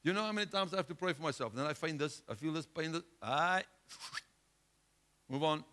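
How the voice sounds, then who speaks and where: A man preaching with a bright, forceful edge to his voice that sits a little high for a man. He fires rhetorical questions and moves between loud, emphatic bursts and quieter, pressing lines. It is a sermon delivered with conviction. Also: a little fast. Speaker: pastor.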